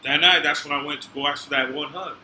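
A man's voice: on the high side, fairly even intonation, fast. A man, a podcast guest, telling his story in casual, emotional street slang. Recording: echoey room, faint noise.

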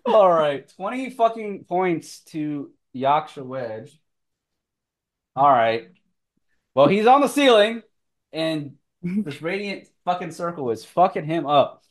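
A man running a tabletop game as game master, swearing and laughing often, with loud outbursts. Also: fairly high pitch, very animated, slow pace, pauses often.

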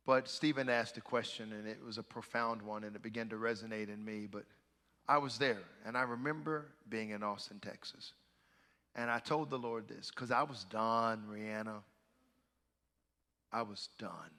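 A man preaching a sermon as pastor, swinging from hushed, quiet talk to loud, fervent shouting. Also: lowish voice, normal speed, big-room sound.

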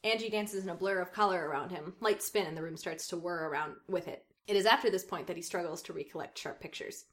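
A woman's voice: on the low side, fast talker, few pauses. A woman reading a story aloud, stopping now and then to laugh at it and mock its writing. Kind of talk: reading aloud with casual commentary.

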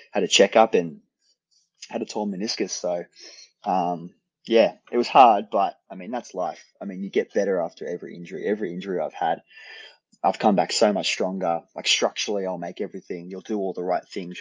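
An Australian man in his thirties talks in a relaxed, rambling way, often restarting his sentences. His voice sits fairly low, and the sound is close and dry with no room around it. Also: slightly rough, no room sound, highs cut off. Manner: easygoing, rambling with restarts and laughs. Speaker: podcast guest, endurance athlete. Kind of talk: casual interview chat.

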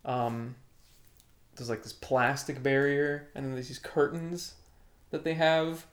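A man's voice: mid-range voice, takes it slowly. A young man in casual chat, laid-back and joking with profane banter.

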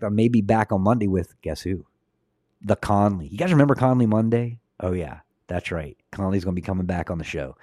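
The host of a Christian livestream, a man with a lowish, dark-toned voice, speaks earnestly and casually before leading a prayer. He often repeats words as a sentence gets going. The recording is studio quality with no echo.

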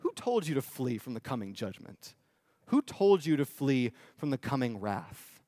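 A preacher voicing a fiery male desert prophet who rebukes his critics, his voice rising high and loud. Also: very animated, moderate pace, no echo, studio quality. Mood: scathing.

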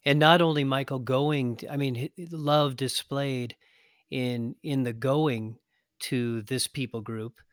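A man's voice: medium pitch, fairly even intonation, slow pace, clean tone, dry recording, clean studio sound. A man hosting an interview, engaged and encouraging, asking follow-up questions. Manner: engaged, prompting, affirming. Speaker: host. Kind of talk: interview conversation.

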